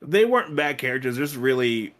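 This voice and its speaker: A man's voice: medium pitch, sing-song, brisk, a bit bright. A man co-hosting a podcast in loose casual chat, rambling with many fillers and restarts. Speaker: podcast co-host.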